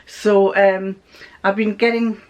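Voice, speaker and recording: A woman's voice: mid-range voice, little pitch movement, takes it slowly, darkish tone. An older woman chatting casually in a giggly, storytelling way as she vlogs from a car. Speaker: vlogger. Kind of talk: casual vlog chat.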